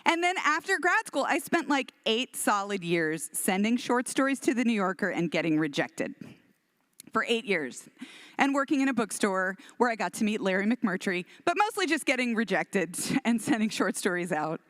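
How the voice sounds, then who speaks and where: A middle-aged woman from Houston, giving a storytelling keynote in an animated, self-deprecating way. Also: medium pitch, normal speed, no echo. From Texas, Houston. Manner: animated, self-deprecating, acts out quoted voices. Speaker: keynote speaker, author.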